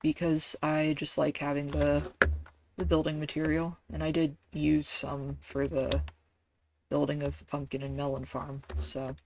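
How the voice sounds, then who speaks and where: Casual woman gamer rambling slow, kinda gravelly, some fillers, faint keyboard clicks. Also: deep voice, little pitch movement, a little mellow, a little hiss or hum. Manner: rambling, self-deprecating, many fillers. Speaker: streamer. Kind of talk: casual game stream chat.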